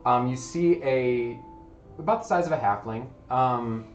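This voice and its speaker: A man narrating as game master, describing scenes haltingly with many fillers. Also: medium pitch, reverberant, soft background music.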